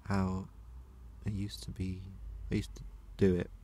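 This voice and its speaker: A man talking casually to camera, slow and halting, with long pauses and a soft, low-key manner. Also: monotone, a little hiss or hum.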